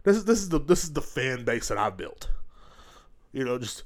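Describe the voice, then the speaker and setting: With a sing-song, medium-pitched delivery at a moderate pace, this middle-aged podcast host rambles through a crude comedic rant, slipping into mocking impressions of voices as he goes.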